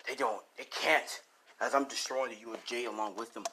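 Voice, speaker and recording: A man improvising a fan-fiction action story, animated and profane, full of sound effects. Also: medium pitch, fairly quick, slight background noise.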